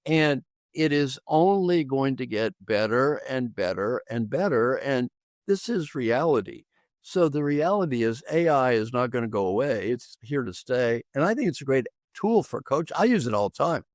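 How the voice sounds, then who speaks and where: A man's voice: medium pitch, big pitch swings, normal speed, darkish tone, dry recording, studio quality. An older man, an executive coach on a podcast, talking emphatically and repeating phrases for effect. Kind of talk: animated conversational storytelling.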